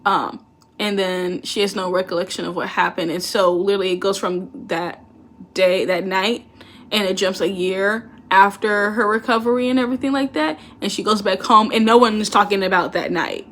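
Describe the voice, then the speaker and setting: A woman's voice: medium pitch, steady tone, moderate pace, fairly bright tone. A young woman vlogger in casual chat, swearing freely and laughing often as she talks.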